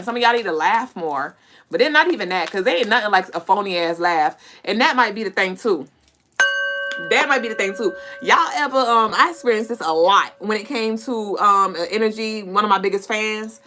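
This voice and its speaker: A spiritual reader who hosts a podcast gives a casual collective intuitive reading, frank and animated, with lots of swearing and laughter, calling her listeners "y'all" and "collective." Her mid-range voice sounds bright and forceful, with slight background noise.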